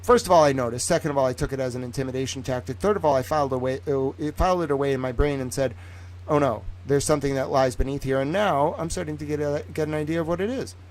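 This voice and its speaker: A man's voice: a little high, very fast, hardly any pauses, rough recording. A man streaming a profane, sarcastic monologue, swearing freely and acting out imagined conversations in different voices. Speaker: independent streamer and commentator.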